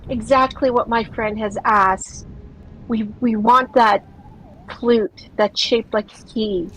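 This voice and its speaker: A woman's voice: fairly high pitch, fairly even intonation, takes it slowly, fairly bright tone, rough recording. Playful, indignant woman player. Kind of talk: playing a tabletop game in character.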